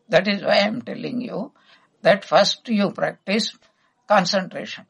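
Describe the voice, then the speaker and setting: A man delivering a spiritual discourse in a gravelly, rough-edged voice. He has a husky, slightly breathy tone. He presses his points with emphatic rhetorical questions. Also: high voice, measured pace, a bit bright, poor audio. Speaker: spiritual teacher.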